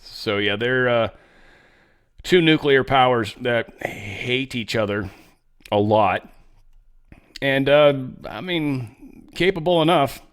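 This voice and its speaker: A man's voice: medium pitch, animated, takes it slowly, long pauses, clear, resonant tone. A man hosting a casual political commentary monologue, blunt and rambling, often stammering and repeating words. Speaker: host.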